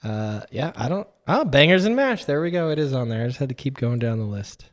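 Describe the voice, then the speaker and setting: A man's voice: mid-range voice, very animated, fairly quick, in a large hall. A man co-hosting a podcast in casual chat, joking with friends and reading food lists aloud. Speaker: podcast co-host.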